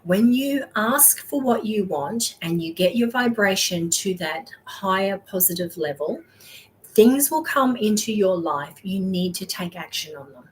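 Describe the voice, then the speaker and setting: A woman's voice: medium pitch, animated, unhurried, slight background noise, low-quality recording. A woman hosting a live motivational talk on money mindset, coaching with encouragement and often checking in with "okay?" and "all right?". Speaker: wealth mindset coach and host.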